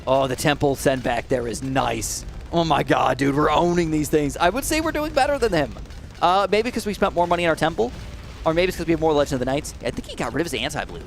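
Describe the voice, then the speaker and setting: Excitable man narrating gameplay. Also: on the high side, fast talker, creaky, a little hiss or hum. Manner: excitable, swings between muttering and shrieking alarm; addresses viewers directly. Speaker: gaming channel host. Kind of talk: live gameplay commentary.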